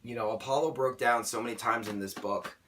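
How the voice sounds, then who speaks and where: A young man reviewing a book in a casual vlog, rambling and excitable, often stammering and restarting. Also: mid-range voice, a little fast, far from the mic.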